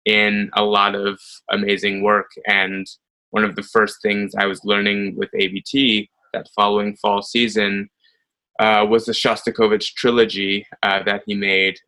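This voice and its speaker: Young male dancer, interview guest: low but bright voice, relaxed storytelling with fillers. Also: unhurried, low-quality recording. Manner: chatty, many ums, animated retelling.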